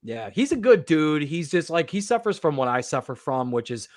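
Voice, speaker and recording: A man's voice: a little high, very animated, moderate pace, a little mellow, dry recording, clean studio sound. A man guesting on a podcast, rambling on in casual banter. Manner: rambling, long-winded.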